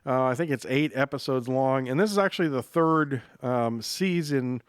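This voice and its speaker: Podcast guy, smooth clear voice, dry close sound, rambly. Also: medium pitch, normal speed, dry recording. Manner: relaxed, rambling, many fillers. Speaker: podcast host. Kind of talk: casual chat.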